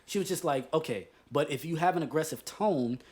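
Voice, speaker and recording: A man with a slightly high voice co-hosts a casual podcast chat. He talks in an animated, profane, emphatic way as he tells his story. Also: a little fast. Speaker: podcast co-host.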